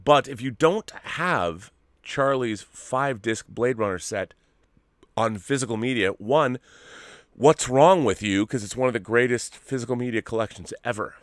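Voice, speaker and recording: A man co-hosting a casual live stream, talking in an animated, emphatic way and swearing freely. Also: medium pitch, moderate pace, no echo, studio quality. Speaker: co-host.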